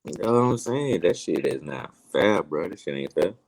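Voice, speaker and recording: A man's voice: low voice, animated, moderate pace, a little mellow, poor audio. A young man co-hosting a podcast, emphatic and profane in casual chat, a little tipsy from drinking. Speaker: podcast co-host.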